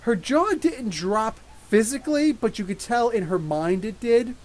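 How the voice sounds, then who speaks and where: A man in his thirties hosting a live podcast, reading viewer questions and telling rambling, animated stories. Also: extremely high pitch, a little slow, rough recording. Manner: rambling, animated storytelling with laughs. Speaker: podcast host. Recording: faint hiss.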